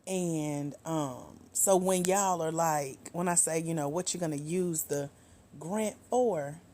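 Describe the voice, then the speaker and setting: A woman's voice: sits low, slow pace, dark tone, slight background noise. A woman grant coach chatting on a livestream from her bed, reading viewer comments aloud and laughing often, a bit sleepy. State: sleepy, fighting a nap. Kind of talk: casual livestream chat. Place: home, in bed. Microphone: tablet.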